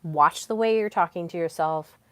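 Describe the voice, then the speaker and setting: A woman's voice: fairly low pitch, normal speed, a bit bright, clean tone, dry recording. A young woman hosting a solo self-help podcast, talking in an earnest coaching tone with plenty of fillers. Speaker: podcast host.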